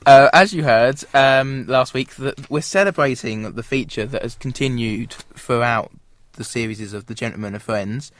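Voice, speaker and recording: Young guy hosting a radio show, rambly and giggly, mid pitch. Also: normal speed, hardly any pauses, fairly bright tone. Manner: rambling, laughing, loses track. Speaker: host. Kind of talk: casual radio chat.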